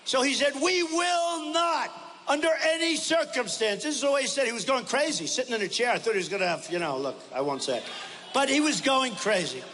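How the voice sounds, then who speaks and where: A high-pitched man delivers a campaign rally speech with a bright, forceful edge, repeating short punchy phrases and often breaking into shouts. His voice carries a long hall reverb with faint ambience underneath. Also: big pitch swings, fast talker, a little hiss or hum. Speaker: political candidate at a rally. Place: large rally venue.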